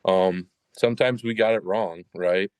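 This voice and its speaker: A man's voice: low-pitched, fairly even intonation, measured pace, darkish tone, clean tone, no room sound. A man, a military veteran, talking on a podcast in a rambling way, full of fillers. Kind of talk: casual podcast conversation.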